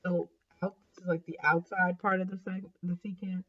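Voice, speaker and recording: A woman teaching a math lesson in a casual, relaxed way, thinking aloud and correcting herself as she works through problems. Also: on the low side, normal speed, lo-fi sound.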